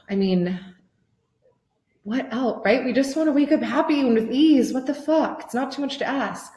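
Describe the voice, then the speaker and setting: In her thirties, a life coach pitches a motivational workshop, gushing, excitable, and cursing freely. She talks at a normal speed in a roomy-sounding space.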